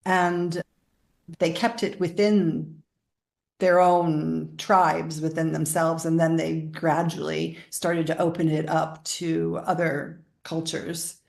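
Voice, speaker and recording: Low, gravelly woman telling a story. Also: level tone, takes it slowly, a little mellow. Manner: rambling, laughs often while telling stories. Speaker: interview guest. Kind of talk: conversational storytelling.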